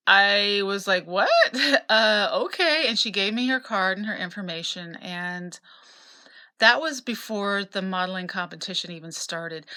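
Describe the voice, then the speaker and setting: A woman's voice: lowish voice, pushed and bright, smooth. A woman in her fifties from Utah tells her own life story casually, rambling a little with fillers and restarts. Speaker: memoir narrator.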